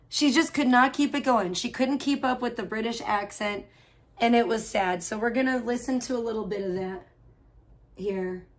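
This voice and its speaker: A woman with a slightly high-pitched voice chats loosely on her live stream. She rambles and laughs often as she talks to her viewers and answers their comments. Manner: rambling, chatty, frequent laughs; reads and answers chat. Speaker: livestream host. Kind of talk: casual live-stream chat.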